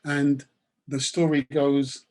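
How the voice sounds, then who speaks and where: A man's voice: mid-range voice, level tone, slow pace, darkish tone. A man giving a webinar talk and telling a story in an emphatic, repetitive manner. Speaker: webinar speaker.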